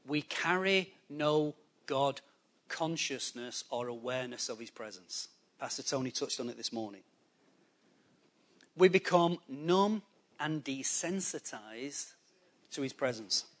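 A man preaching a sermon to a congregation, animated and conversational, acting out people's excuses in quick quoted voices. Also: medium pitch. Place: church hall before a congregation.

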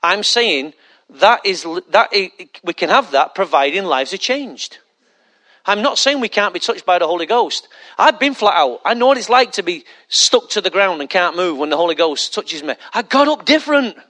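Male pastor, high and bright, conversational sermon with rhetorical questions. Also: animated, normal speed.

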